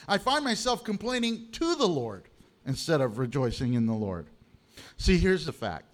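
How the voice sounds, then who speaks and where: A man with a high, light voice delivers a sermon from the pulpit. He preaches in an animated, joking way and slips into lively impersonations. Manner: animated, humorous preaching with acted quotes. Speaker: pastor.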